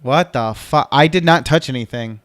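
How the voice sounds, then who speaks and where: Recorded dry with studio-grade quality, this man in his thirties has a mid-range, slightly bright voice and a moderate pace. Co-hosting a relaxed home podcast, he meanders, cuts himself short and swears when flustered.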